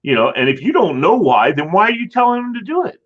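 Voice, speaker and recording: A man co-hosting a podcast in casual chat, telling stories and acting out voices with big jumps in pitch. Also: very animated, fast. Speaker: podcast co-host. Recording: dull lo-fi sound.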